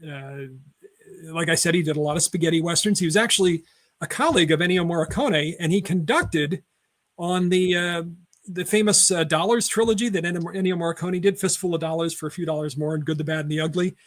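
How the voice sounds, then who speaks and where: A man's voice: fairly high pitch, a little fast. A man co-hosting a casual film chat show, rambling through trivia with many fillers and self-corrections. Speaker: podcast co-host.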